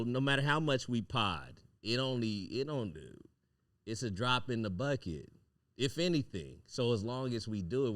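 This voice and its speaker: Bright-voiced man telling rambling stories. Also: mid-range voice, dry recording, clean studio sound. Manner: rambling, profane storyteller; restarts sentences often. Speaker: podcast host. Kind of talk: casual podcast chat.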